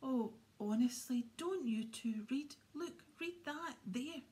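Bossy know-it-all schoolgirl, whispered by a woman, mellow and a little high, whispered role-play. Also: expressive, takes it slowly. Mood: eager. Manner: eager, lecturing.

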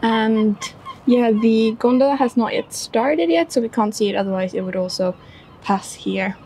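A woman narrating a casual travel vlog while walking around a city, relaxed, with plenty of ums and uhs. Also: on the high side, normal speed, slight background noise. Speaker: travel vlogger. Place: outdoors in a city.

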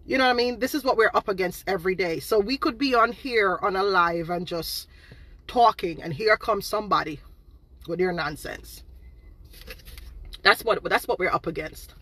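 A woman with a Jamaican accent, ranting loudly and scolding people on a live stream from her phone. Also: medium pitch, moderate pace. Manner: loud, scolding, insulting.

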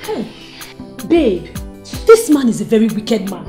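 An actress with a Nigerian accent playing a loud, bossy young woman who shields her friend and insults a man. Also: a little high, wildly swooping pitch, unhurried, soft background music. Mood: fussing.

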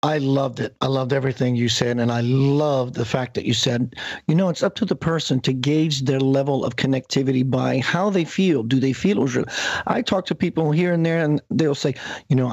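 A man's voice: medium pitch, moderate pace, darkish tone, no room sound, lo-fi sound. A man hosting a radio talk show, enthusiastic and affirming toward his guest.

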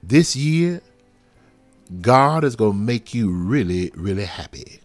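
A man leading a live prophetic prayer over a livestream, fervent and swinging from soft murmurs to loud exclamations. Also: on the low side, expressive, slow pace, faint music behind. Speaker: pastor. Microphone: livestream webcam.

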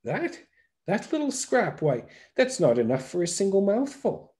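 A man's voice: high-pitched, fairly quick, warm tone, voice pushed up, close to an everyday voice. A man voicing a scoffing eater with a bottomless appetite. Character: huge-appetite eater, scornful.

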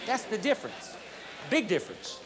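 A man preaching an emphatic, repetitive sermon at a conference, building to high exclamations. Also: wildly swooping pitch, normal speed, fairly bright tone, a faint crowd. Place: conference hall.

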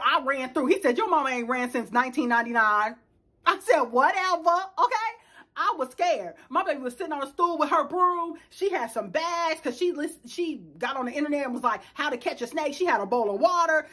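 A middle-aged woman, telling a dramatic story in casual chat to her viewers. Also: sits high. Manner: animated, dramatic storyteller addressing viewers as y'all. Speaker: vlogger.

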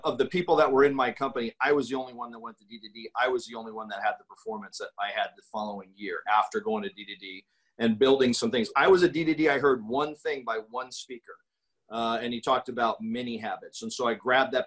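A man talking casually on a podcast as a guest, pitching his talk with emphatic, salesy energy and acting out customer quotes. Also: a bit bright, poor audio. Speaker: guest speaker.

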